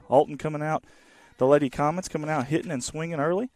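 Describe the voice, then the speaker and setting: A man in his thirties giving casual, rambling live play-by-play of a softball game from the field outdoors. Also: fairly high pitch, quick pace, no echo. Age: 30s. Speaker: sports webcaster.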